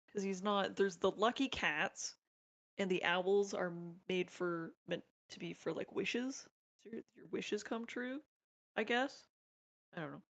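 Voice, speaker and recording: A woman's voice: on the low side, highs cut off. A young woman chatting casually while building model kits, telling stories with lots of fillers. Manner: rambling, filler-heavy storytelling. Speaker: streamer co-host.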